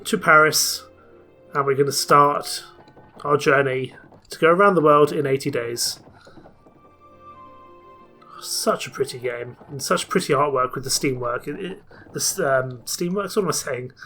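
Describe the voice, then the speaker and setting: A man's voice: fairly high pitch, unhurried, long pauses, bright, forceful tone, soft background music. A man casually commenting on a story game and reading its text aloud in a chatty, rambling way. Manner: chatty, rambling, self-correcting. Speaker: let's play host.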